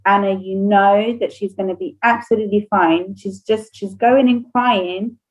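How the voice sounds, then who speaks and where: A woman's voice: medium pitch, fairly even intonation, moderate pace, muffled recording. A woman, a nursery owner whose first language is Spanish, casually telling an emotional personal story on a podcast and laughing often.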